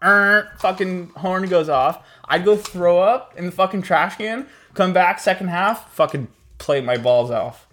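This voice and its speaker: A man's voice: high voice, a little slow, a bit bright. A young man co-hosting a podcast, chatting casually in a crude, rambling way, swearing often and laughing at his own stories. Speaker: podcast co-host.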